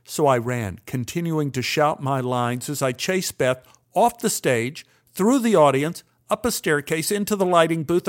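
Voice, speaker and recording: An older man recounting a memory with wry, dry humor. He tells it as a storyteller would, with an easy, conversational flow. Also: a little high. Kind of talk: personal storytelling monologue.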